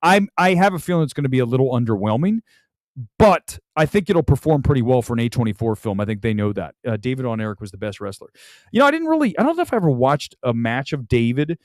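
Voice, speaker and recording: A man hosts a casual movie live stream, rambling and chatty with frequent restarts. His pitch swings in a lively way as he talks. The sound is dry and close to the microphone. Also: quick pace, dry recording. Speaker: movie talk show host.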